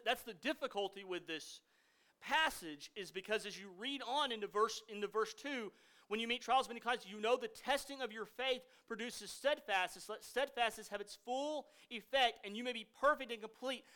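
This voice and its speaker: Man, 30s, pastor preaching a dynamic sermon; bright, forceful tone with loud peaks and quiet drops. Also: extremely high pitch. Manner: dynamic preaching, swinging from loud emphasis to hushed asides.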